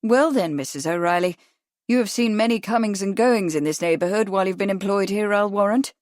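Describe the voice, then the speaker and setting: A woman reading a courteous gentleman investigator. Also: sits high, no echo, studio quality, close to an everyday voice. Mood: polite. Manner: courteous, measured. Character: polite inquisitive gentleman investigator.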